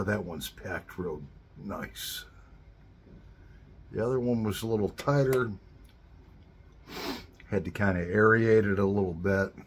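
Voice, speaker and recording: Slow gravelly-voiced man savoring his pipe. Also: fairly low pitch, slight background noise. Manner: slow, savoring, murmured asides. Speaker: pipe smoking channel host. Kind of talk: slow relaxed vlog chat.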